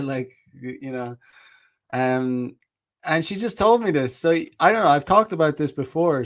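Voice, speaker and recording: A man hosting his own channel, telling a dating story in a rambling, casual monologue with frequent restarts, swearing and short laughs. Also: mid-range voice. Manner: reads out viewer comments. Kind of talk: casual monologue with reenacted dialogue.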